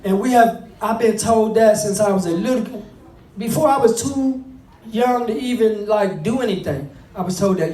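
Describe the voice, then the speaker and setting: A man's voice: high-pitched, normal speed, dark tone. A middle-aged man gives an earnest, conversational talk on fatherhood to a room, repeating himself and restarting his phrases. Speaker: speaker on fatherhood. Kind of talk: motivational talk to an audience. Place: room with an audience. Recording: echoey room, mic at a distance.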